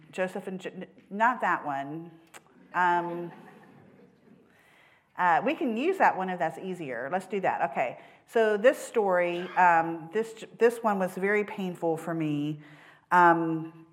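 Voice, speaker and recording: Earnest woman sharing a church testimony. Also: lowish voice. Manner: earnest storytelling with many ums and self-corrections. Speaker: church mission supporter. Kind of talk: personal testimony in a church service.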